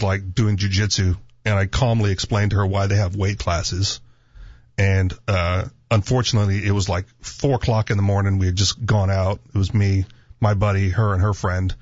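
A man co-hosting a casual talk show tells stories bluntly and with jokes, in a low, husky voice. The recording is dry and a bit muffled. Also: dry recording. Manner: blunt, joking storyteller. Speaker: co-host.

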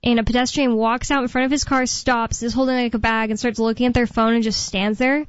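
A woman's voice: on the high side, little pitch movement, quick pace, clean tone, dry recording. A woman co-hosting a call-in radio talk show, chatting casually with lots of fillers. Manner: chatty, many fillers, retells stories with voices. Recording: dull dry studio sound.

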